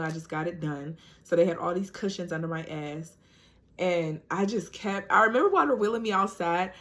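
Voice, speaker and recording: A woman with a somewhat low voice tells a personal story straight to her viewers. She talks in a loose, chatty way, peppering her sentences with "like" and "you know." It is relaxed, casual vlog storytelling. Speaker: vlogger.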